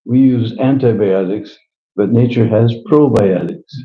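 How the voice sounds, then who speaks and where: A man's voice: fairly low pitch, unhurried. A man telling a devotional story in a chatty way, adding chuckles and questioning "hmm?" asides, in a roomy, slightly dull live recording. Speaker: devotional speaker.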